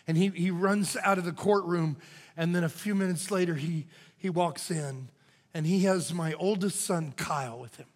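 An older man preaching a sermon as pastor, moving from loud cries to hushed whispers. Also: high-pitched, normal speed. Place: church sanctuary. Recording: church hall reverb.

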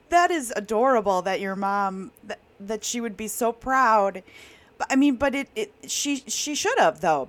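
A woman hosting an HR podcast who reacts with enthusiasm and laughs readily. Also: on the high side. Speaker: HR podcast host. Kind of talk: casual interview chat.

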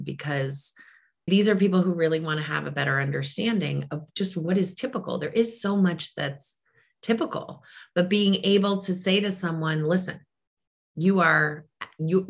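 A woman's voice: low voice, gravelly. A woman who works as a grief clinician and hosts a podcast, talking in an earnest, emphatic way and acting out the phrases people say. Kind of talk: casual conversation.

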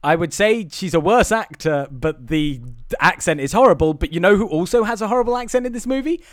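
High-pitched ranting man, dry sound. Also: animated, fairly quick, no room sound. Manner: opinionated, ranting, swears often. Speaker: podcast co-host. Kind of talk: casual chat.

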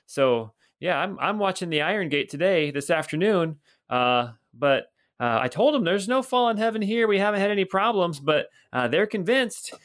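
A man's voice: high-pitched, expressive, normal speed, few pauses, fairly bright tone, pitched above the performer's own voice. A man voicing a gossipy, rambling city guard in his fifties who is nearing retirement, for a tabletop game. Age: 50s. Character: chatty rotund older male city guard.

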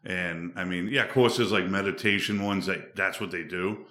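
A man's voice: sits low, normal speed, bright, forceful tone. A man from the Boston suburbs, a podcast guest, chatting in a rambling, laid-back way with lots of fillers. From Boston suburbs, USA. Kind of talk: casual chat. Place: studio. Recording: roomy echo.

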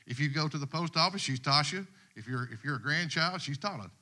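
A middle-aged guest preacher delivers a casual, folksy sermon to the congregation in a church sanctuary, speaking conversationally in a Southern US dialect. His voice is fairly high, pushed, and bright, and he talks briskly and animatedly.

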